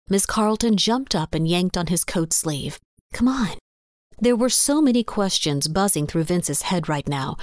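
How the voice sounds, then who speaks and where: A woman's voice: lowish voice, dry recording, studio quality. Woman narrating a western story. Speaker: audiobook narrator.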